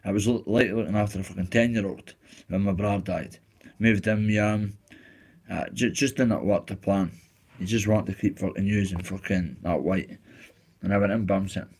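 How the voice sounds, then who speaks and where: A Scottish man with a fairly low voice, talking off the cuff on a live stream. He is blunt and candid, swears freely and speaks warmly to his viewers. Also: steady tone, normal speed, slightly rough. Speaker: livestreamer reading chat. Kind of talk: casual live-stream chat.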